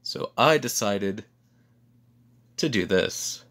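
A sick, hoarse man giving an offhand, self-deprecating intro with hesitant pauses. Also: lowish voice, expressive, a bit bright. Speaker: comedy channel host. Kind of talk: casual vlog intro.

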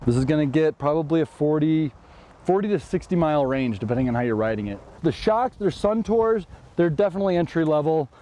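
Chatty, joking man with a mellow voice. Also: fairly high pitch, animated, fairly quick. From Chicago. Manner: joking, chatty, playful asides. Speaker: e-bike builder and channel host. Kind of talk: casual product walkthrough vlog.

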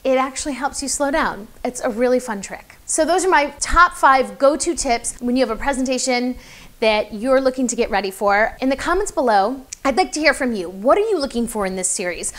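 A woman's voice: sits high, animated, fairly quick. Chatty woman coaching public speaking. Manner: chatty, encouraging, many fillers. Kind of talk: casual advice video to camera.

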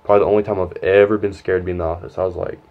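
A man's voice: deep voice, little pitch movement, rapid-fire. Young man swearing through a dull recording. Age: young adult. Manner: profane, rambling, quotes others in dialogue. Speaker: storyteller. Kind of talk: casual storytime vlog.

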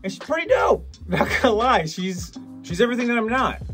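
A man's voice: very high voice, big pitch swings, fairly quick, fairly bright tone, soft background music. A man vlogging casually, joking and self-mocking as he rambles between topics. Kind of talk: casual vlog talk.

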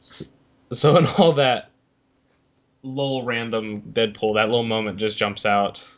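A young man with a somewhat low voice, co-hosting a podcast. He chats loosely, filling his questions with fillers. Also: fairly even intonation, unhurried, highs cut off. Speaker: podcast co-host. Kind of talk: casual chat.

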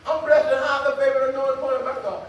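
An older man preaching a sermon as pastor, in a folksy call-and-response way that breaks into shouts. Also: very high voice, little pitch movement, fast talker. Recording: echoey hall from far off.

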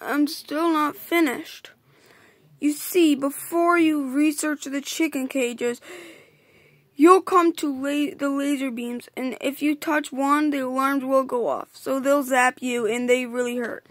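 A woman voicing a bossy female spider hacker, reading the lines aloud haltingly with restarts, in a high voice. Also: fairly even intonation, no echo. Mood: explaining, bossy.

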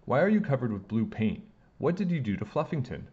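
A man's voice: fairly low pitch, lively intonation, fairly quick, muffled recording. A man voicing a stern film director and father who gives demanding orders. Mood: angry. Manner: shouting, demanding.

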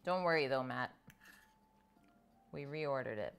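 A woman's voice: very deep voice, animated, measured pace, creaky, a bit bright, clear, resonant tone, soft background music. A woman hosting a live cooking stream, chatting casually and reading out viewer comments as she tastes food at home. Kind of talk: casual chat while eating.

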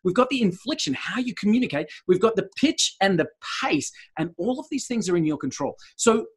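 An enthusiastic man hosting a business podcast, with a high voice and a husky edge. He talks in an animated way, recapping ideas for listeners. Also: fairly quick. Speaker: podcast host.

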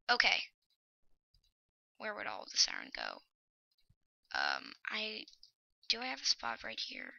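Excitable woman with a bright, keen voice. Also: fairly high pitch, vocal fry, dry recording, dull audio. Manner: excitable and anxious, often drops to a whisper. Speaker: let's play host. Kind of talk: gameplay commentary.

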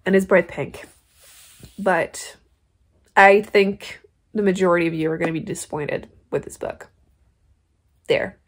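A woman's voice: on the low side, steady tone, unhurried, pauses often. A young woman vlogging at home, bluntly ranting about a book and cooing at her kittens. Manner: cooing baby talk to kittens. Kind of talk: casual vlog chat.

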